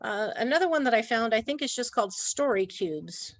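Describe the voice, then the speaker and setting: A woman's voice: fairly high pitch, lively intonation, brisk, no echo. A woman presenting an online training talk in a chatty way, laughing often. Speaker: workshop presenter.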